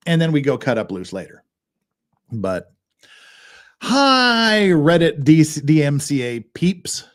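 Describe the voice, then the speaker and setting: A man's voice: a little high, very animated, unhurried. A man hosting a legal commentary show, talking casually in a rambling way with restarts and chuckles. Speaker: host of a legal commentary channel.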